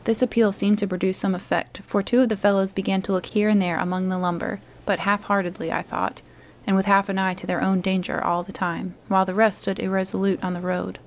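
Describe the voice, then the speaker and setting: Woman storybook reader, calm, soothing read-aloud. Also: medium pitch, brisk.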